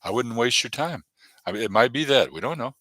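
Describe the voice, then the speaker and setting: A man's voice: mid-range voice, lively intonation, a little fast, pushed and bright, no room sound. A man hosting his comedy channel on a live stream, chatting casually and rambling between jokes with lots of fillers. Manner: rambling, jokey, many fillers.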